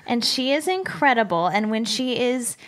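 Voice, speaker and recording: Young woman podcast co-host, slightly high voice, casual and chatty, reads mail aloud. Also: moderate pace. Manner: chatty, animated, frequent fillers. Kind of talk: casual chat, reading listener mail.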